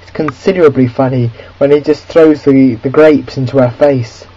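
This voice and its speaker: A man's voice: mid-range voice, fairly even intonation, normal speed, mellow, breathy edge. A young man rambling chattily as he reviews a film in a casual video diary, often restarting his sentences, recorded on a built-in camera microphone. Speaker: film vlogger. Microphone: built-in camera mic. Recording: muffled lo-fi camera mic.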